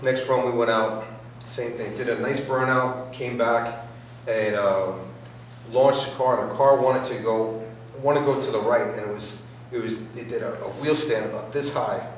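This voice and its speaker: A man tells his club a casual racing story at normal speed, his medium-pitched voice fairly even in intonation, and he acts out quotes and sound effects as he goes. The room is very echoey, his voice sits far from the mic, and faint noise can be heard.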